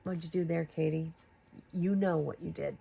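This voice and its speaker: A commentary YouTuber confronts another creator, firing off rhetorical questions and rising to exasperated emphasis. Her voice is deep, gravelly, mellow, and slightly rough, with a steady tone at normal speed.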